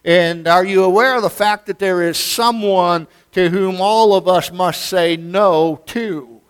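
A pastor preaching a sermon in a church, moving from folksy storytelling to emphatic preaching. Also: male voice, high-pitched, a little slow, hardly any pauses, smooth.

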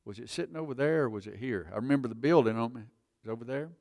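A man's voice: mid-range voice, fast, vocal fry, a little mellow. A man preaching, telling his own conversion story in an earnest, plain-spoken way. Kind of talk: sermon testimony.

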